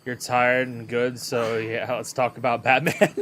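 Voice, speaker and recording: A man's voice: mid-range voice, steady tone, takes it slowly, a bit bright, slight background noise. A man streaming a game, chatting casually with viewers in an easygoing way and often repeating words as he thinks. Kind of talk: casual live-stream chat while gaming.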